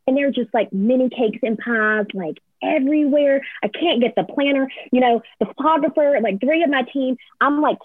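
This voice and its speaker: A woman, a floral designer telling a story as a guest, lively and acting out quotes with sudden high squeals. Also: normal speed, few pauses, dry recording. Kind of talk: animated storytelling. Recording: tinny phone-like line, dry.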